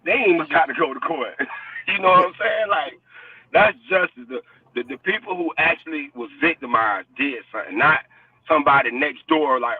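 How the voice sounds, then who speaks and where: A man's voice: fairly high pitch, brisk, husky, no echo. A man in a heated casual debate, blunt and profane, insisting on his point and repeating himself. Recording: distant, dry, phone-like sound.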